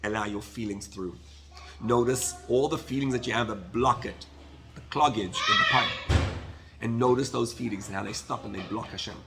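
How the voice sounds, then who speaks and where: A man's voice: fairly low pitch, steady tone, a little fast, gravelly, heavy background noise. A man giving a sermon as a rabbi, impassioned and full of rhetorical questions, dropping in Hebrew terms.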